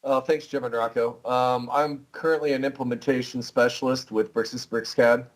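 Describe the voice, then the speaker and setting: A man's voice: medium pitch, steady tone, moderate pace, low-quality recording. A man speaking as a podcast guest, a bit hesitant, starting with ums and uhs. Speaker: podcast guest, implementation specialist. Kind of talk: casual interview answers.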